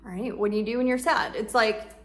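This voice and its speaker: Casual, soft-spoken woman, self-help talk. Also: a little high, fairly even intonation. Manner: conversational, filler-heavy, drops soft and slow when voicing comforting self-talk. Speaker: shadow work coach.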